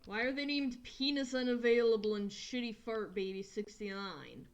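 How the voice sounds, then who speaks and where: A woman's voice: on the high side, normal speed, muffled recording, faint music behind. A woman streaming a game, chatting casually in a crude, rambling way and laughing often. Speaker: gaming streamer. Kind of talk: casual gameplay commentary.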